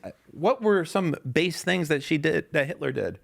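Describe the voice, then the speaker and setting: A man's voice: on the high side, animated, a little fast, vocal fry. A man in his thirties hosting a podcast, reading tweets aloud and mocking them in casual, sarcastic chat.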